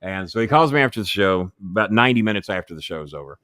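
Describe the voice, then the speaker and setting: A man's voice: deep voice, fast talker, smooth, no echo, studio quality. A man as an interview guest, telling stories full of swearing and imitating the people in them. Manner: animated, swearing, mimics others in quotes. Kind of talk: profane anecdotal storytelling.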